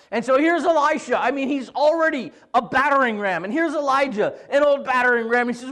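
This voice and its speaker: A male pastor preaching a sermon, retelling scripture in an animated, joking way. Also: extremely high pitch, fairly quick, hardly any pauses.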